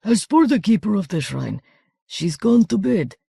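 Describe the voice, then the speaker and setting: Woman doing a hoarse soldierly baroness. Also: mid-range voice, very animated, unhurried, warm tone, no echo, clean studio sound, pitched above the performer's own voice, full character voice. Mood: curt. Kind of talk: audiobook character voice.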